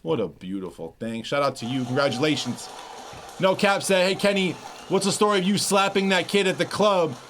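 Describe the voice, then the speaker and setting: A man's voice: on the high side, expressive, brisk, a bit bright, a little hiss or hum. A man who produces music, chatting casually on a livestream, swearing freely as he reads and answers viewers' messages.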